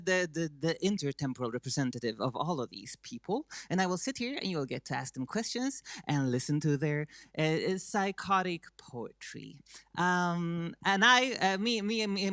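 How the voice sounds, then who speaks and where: A woman's voice: fairly low pitch, fairly bright tone, no room sound. A woman with a Swedish accent, Swedish being her first language, hosting a live stage show in a chatty, self-mocking way with many fillers and restarts. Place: stage before a live audience.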